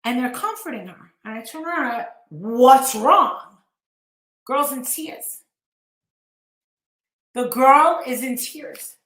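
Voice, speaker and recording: A woman's voice: sits high, unhurried, pauses often, roomy sound. A woman telling a story in a casual way, acting out the dialogue she quotes. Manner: animated, acts out quoted dialogue. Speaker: live-streamer recounting events.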